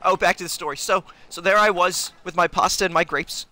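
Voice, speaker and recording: A man's voice: sits high, fairly quick, bright, forceful tone, a little hiss or hum. A young man streaming a game in character, talking in a manic, rambling, self-mocking way. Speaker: gaming streamer. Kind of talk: in-character let's play commentary.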